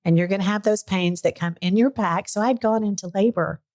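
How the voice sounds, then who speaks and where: A middle-aged woman hosting a podcast, telling a personal story in casual chat, lively and earnest, at times emotional. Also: medium pitch, a little fast. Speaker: podcast host.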